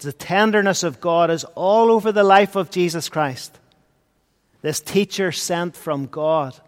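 Man, preacher, earnest sermon, high voice, long hall reverb. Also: measured pace. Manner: earnest, swings from loud to hushed.

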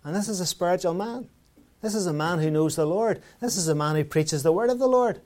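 Male preacher, slightly high. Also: brisk, darkish tone. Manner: conversational, asks rhetorical questions, tells everyday anecdotes. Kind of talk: sermon.

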